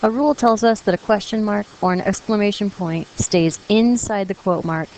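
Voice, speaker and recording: A woman's voice: mid-range voice, darkish tone, slight background noise, low-quality recording. A woman teacher explaining punctuation rules to her class in a patient, encouraging way, reading example sentences aloud. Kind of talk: classroom grammar lesson.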